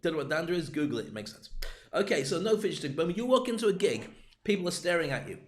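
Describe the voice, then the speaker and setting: A man's voice: a little high, big pitch swings, fast. A man coaching on public speaking in a livestreamed talk, full of joking, rambling asides.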